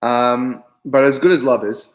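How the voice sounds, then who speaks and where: A man's voice: mid-range voice, fairly even intonation, a little slow, reverberant, muffled recording. A man, a rabbi, giving a conversational class on marriage, often repeating and restarting his words. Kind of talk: informal lecture on marriage.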